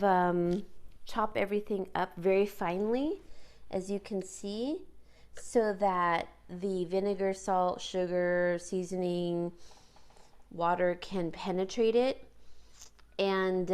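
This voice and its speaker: A woman's voice: medium pitch, smooth. A woman casually talking through a home cooking how-to, chatty and rambling with many fillers and restarts, with the hiccups. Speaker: cooking vlogger. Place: home kitchen.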